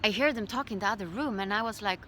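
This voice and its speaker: A middle-aged woman telling her own story as a birth educator, in a calm, reflective way. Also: mid-range voice, fast talker, a little hiss or hum. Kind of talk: personal storytelling.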